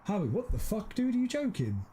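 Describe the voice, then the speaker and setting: Excitable high-voiced man streaming. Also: brisk, slight background noise. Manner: excitable, teasing, exclaims often. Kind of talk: casual live-stream chat.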